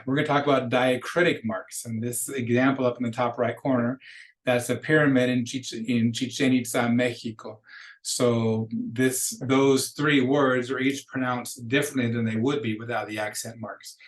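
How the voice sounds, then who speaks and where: A man teaching a beginning Spanish lesson, patiently explaining rules and modeling each word slowly before repeating it. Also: medium pitch, steady tone, low-quality recording. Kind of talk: recorded classroom lecture.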